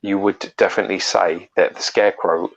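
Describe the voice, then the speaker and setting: A man's voice: low-pitched, fairly even intonation, fairly quick, gravelly, highs cut off. A man co-hosting a casual collectibles chat, blunt and sweary, talking at length about statues. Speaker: co-host.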